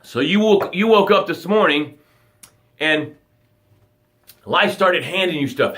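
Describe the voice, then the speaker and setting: A male motivational coach speaking live to his viewers, with a voice that sits a little high for a man. He talks dramatically, pushing hard with rising emphasis and then sinking into quiet, hushed guidance. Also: normal speed. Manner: dramatic, swings from loud urging to soft hushed guidance. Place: home livestream. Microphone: phone or webcam, live broadcast.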